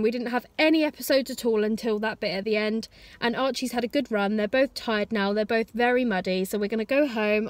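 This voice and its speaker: A woman in her twenties vlogs casually, rambling and chatting while scolding her dogs, first outdoors in the woods and later at home. Her voice sits on the high side, with no echo.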